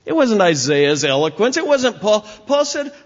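A man preaching a sermon as pastor, with emphatic swings in pitch and volume. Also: big pitch swings, normal speed. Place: church sanctuary. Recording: dull recording with long hall reverb.

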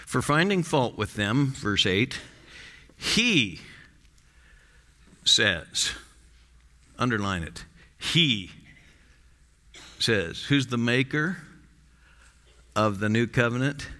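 A man preaching an expository sermon, reading scripture slowly with strong emphasis. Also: mid-range voice, very animated, bright, forceful tone. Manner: emphatic, rising and falling for stress, slow deliberate reading. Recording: long hall reverb.

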